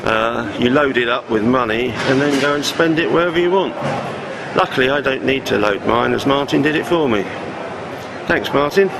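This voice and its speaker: A relaxed man gives a chatty walk-around commentary with a gravelly edge to his voice. He is recorded outdoors, and clear traffic and car noise run behind him. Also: medium pitch, a little fast. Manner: relaxed, chatty with hesitant fillers. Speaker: vlogger on a track visit. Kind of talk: casual walk-around narration. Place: outdoors at a racetrack.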